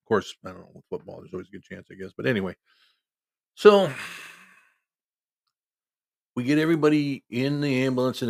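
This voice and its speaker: A man's voice: on the low side, vocal fry, a little mellow, no room sound. A middle-aged man from Iowa, a football referee, telling a story in a folksy, conversational way and quoting people in his own voice. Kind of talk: casual spoken storytelling.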